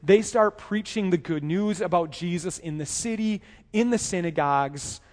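A man preaches a sermon in a high voice, talking to his listeners in a conversational way. He often restarts his phrases and keeps asking them rhetorical questions. His voice carries a long reverb, as in a large hall. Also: normal speed. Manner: conversational, repeats words and asks rhetorical questions.

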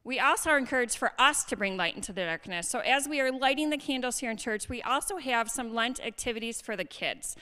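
A woman gives church announcements in a chatty, friendly way. Her voice is bright and a little high. The sound carries a long reverb from a large church hall. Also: expressive, brisk, hardly any pauses, clear, resonant tone. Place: church sanctuary.

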